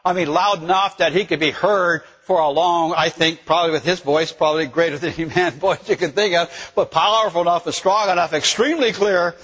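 Impassioned preacher in a reverberant hall. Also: male voice, a little high, fairly even intonation, brisk, hardly any pauses, breathy edge, muffled recording. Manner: rises to loud, emphatic bursts when voicing scripture, then drops quiet and reflective; stumbles over words and laughs at himself. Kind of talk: Bible-teaching sermon.

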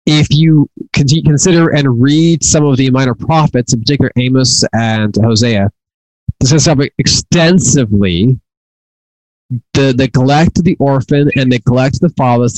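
A man's voice: mid-range voice, moderate pace, darkish tone, dry recording, rough recording. A middle-aged man teaching from the Torah in an earnest way, often repeating and restarting his words. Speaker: Bible teacher.

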